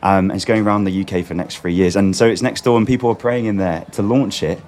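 A man's voice: lowish voice, steady tone, fast, darkish tone, slight background noise. A man guest on a radio show, chatting in an upbeat way and laughing often. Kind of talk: casual interview chat.

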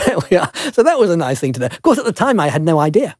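A man's voice: high-pitched, big pitch swings, fast, hardly any pauses, a little mellow, slightly rough, no room sound, studio quality. An older man, a guest telling stories in a chatty, self-deprecating way in an interview. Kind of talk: relaxed storytelling in an interview.

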